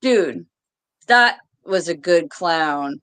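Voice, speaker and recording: A woman co-hosting a podcast chats casually and easily, saying "like" a lot. Her voice is fairly low, expressive and a bit bright with a clean tone, and she speaks very slowly.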